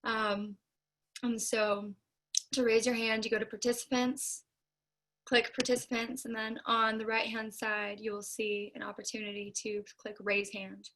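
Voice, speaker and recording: A woman with a fairly high voice hosts an online group circle over a video call. She speaks gently and with feeling as she guides everyone through the session. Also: level tone, a little slow, poor audio. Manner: warm, emotional, gently instructive.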